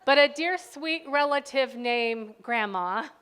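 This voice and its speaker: An older woman, a grandmother, giving a faith talk built around a personal story, dropping to soft tones and then rising loud and lively. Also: high voice, takes it slowly, clean tone. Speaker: speaker.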